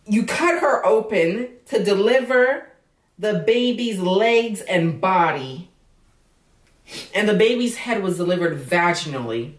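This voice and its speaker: A woman's voice: medium pitch, animated, takes it slowly. A woman vlogger in casual commentary, outspoken and indignant, swearing freely. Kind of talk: casual commentary on a news story. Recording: roomy echo, voice from a distance.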